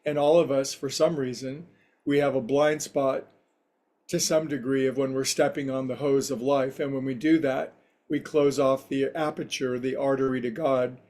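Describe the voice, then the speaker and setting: A man giving a spiritual talk to a livestream group as meditation teacher, telling a story in a gentle, reflective way. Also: medium pitch, little pitch movement, normal speed.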